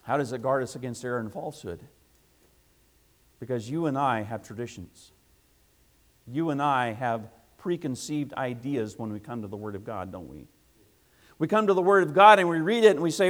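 A man preaching a sermon to a congregation, emphatic and repetitive, swinging between loud passages and hushed asides. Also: mid-range voice, animated, moderate pace.

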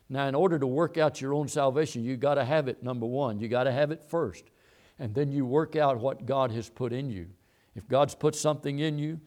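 A man with a darkish, mid-range voice preaches a sermon, quoting scripture and repeating and stressing his points. His style is emphatic and repetitive, built around Bible quotes.

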